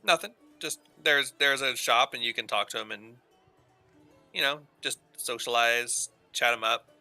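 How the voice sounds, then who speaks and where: A man's voice: mid-range voice, a little slow, bright, forceful tone, dry recording, faint music behind. A man playing in a tabletop game, talking through plans in a rambling, hesitant way. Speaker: player. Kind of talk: casual game chat.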